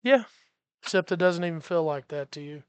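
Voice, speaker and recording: A game master narrating a science fiction tabletop game in a relaxed way, laughing often. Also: mid-range voice, brisk, smooth, dry recording, muffled recording. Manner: relaxed, laughing, explains freely.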